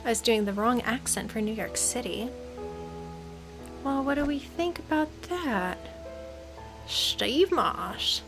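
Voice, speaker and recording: A woman's voice: a little high, animated, slow pace, creaky, long pauses. A woman gamer giving playful, dramatic let's-play commentary. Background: game music.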